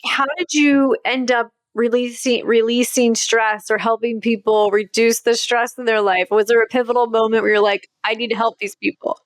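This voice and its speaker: A woman hosts a podcast and asks her guest questions in a curious, conversational way. Her voice sits a little high and sounds dry, with no room sound. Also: flat delivery, normal speed, hardly any pauses, dry recording. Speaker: podcast host. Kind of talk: interview questions.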